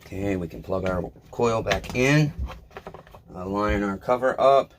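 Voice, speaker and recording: A man's voice: lowish voice, measured pace, slight background noise. A man talking casually to his viewers while he repairs a chainsaw, blunt and self-deprecating, with rambling asides. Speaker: small engine repair vlogger.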